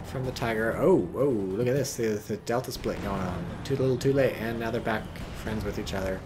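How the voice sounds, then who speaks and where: A man's voice: on the low side, fairly quick, noisy background. A man giving casual, profane, sarcastic commentary on a strategy game replay and reading viewer chat aloud.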